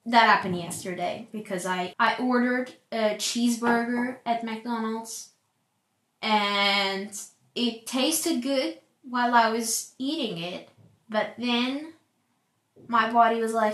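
A young woman hosting a solo podcast, chatting casually in a rambling way and calling herself loud. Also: on the high side, slow. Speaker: podcast host. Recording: echoey room.

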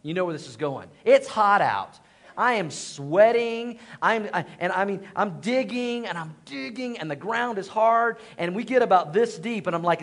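Male pastor with a high voice preaching, animated and self-mocking, prompting call-and-response. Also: normal speed. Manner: animated storytelling with self-deprecating humor; calls for congregation responses. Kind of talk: sermon.

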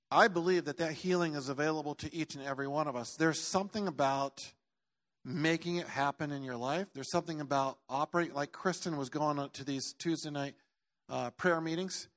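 Animated pastor preaching with big swings. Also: male voice, on the high side, moderate pace. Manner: animated storytelling, swinging from loud outbursts to quiet earnest tones; jokey asides. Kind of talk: sermon.

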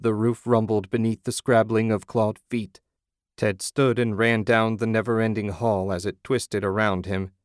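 A man narrating a story as an audiobook in a measured, dramatic way. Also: on the low side, no echo, clean studio sound.

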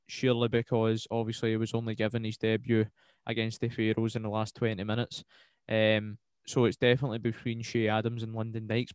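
A man's voice: mid-range voice, a little mellow, clean tone, no echo. A young Scottish man co-hosting a casual football podcast, rambling and swearing freely as he talks. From Scotland. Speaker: podcast co-host.

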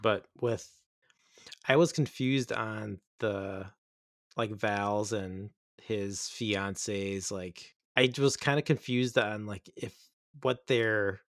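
A man's voice: lowish voice, slow pace, fairly bright tone, dry recording, studio quality. A man co-hosting a casual movie discussion, speaking hesitantly and filling his sentences with "like". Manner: hesitant, full of "like". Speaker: podcast co-host.

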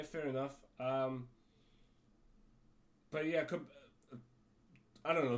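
A man with a cold telling a rambling story on his podcast, full of fillers, restarts and casual swearing. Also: fairly high pitch. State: has a cold. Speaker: podcast host.

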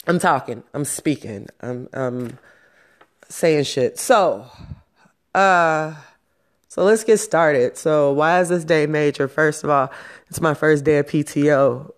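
A woman in her forties hosting her own vlog, talking through her feelings in a raw, emotional, profane way. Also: low voice. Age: 40s. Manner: slow, profane, emotional and self-hyping. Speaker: vlog host. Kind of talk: raw personal vlog monologue.

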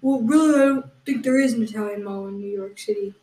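A woman's voice: on the high side, fast talker, darkish tone. A woman co-hosting a comedy podcast, questioning her partner in mock exasperation, with plenty of fillers. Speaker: podcast co-host. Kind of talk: improvised comedy banter. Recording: echoey room.

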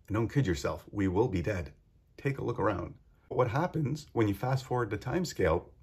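A man's voice: lowish voice, creaky, husky. A man hosting a solo podcast, talking earnestly and with feeling, full of rhetorical questions. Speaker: podcast host.

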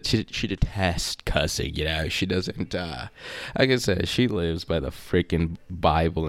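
A young man talks in a loose, joking monologue, swearing freely and padding his talk with fillers. His voice sits low with a gravelly fry. The sound is dry and close. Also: dry recording. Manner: profane, joking, lots of fillers. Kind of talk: casual rambling monologue.

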